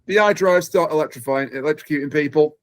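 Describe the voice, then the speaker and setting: A man's voice: fairly high pitch, fast. A man hosting a podcast, eagerly recapping a plot in casual chat. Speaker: podcast host.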